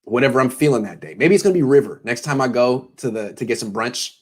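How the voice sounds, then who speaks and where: Tired guy rambling about football, husky, jokey and self-mocking. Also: medium pitch, lively intonation, fast. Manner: joking, self-deprecating, meandering. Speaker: sports show host. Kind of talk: casual rambling pregame sports talk.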